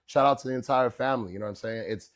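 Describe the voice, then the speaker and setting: A man, a chef guest on a podcast, telling stories in a casual, animated way, with many fillers like "you know what I'm saying". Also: mid-range voice, racing. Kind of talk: casual storytelling.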